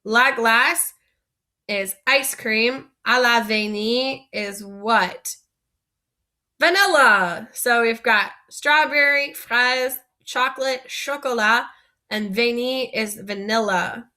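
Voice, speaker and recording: Slow, bright-voiced woman teaching French. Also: a little high. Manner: slow, patient, asks learners to repeat words. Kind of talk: classroom vocabulary lesson.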